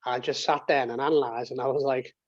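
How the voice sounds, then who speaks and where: A man's voice: medium pitch, fairly even intonation, brisk, dry recording, dull audio. A man in his thirties telling a personal story as an interview guest, rambling with restarts and swearing, on a video call from his home office. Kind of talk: casual storytelling. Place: home office and games room.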